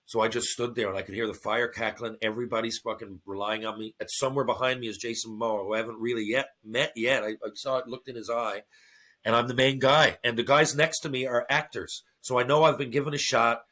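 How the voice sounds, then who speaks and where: A man's voice: medium pitch, quick pace. A middle-aged man, a podcast guest, telling a story in casual, profane talk and acting out the voices of the people in it. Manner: profane, animated, acts out quoted voices.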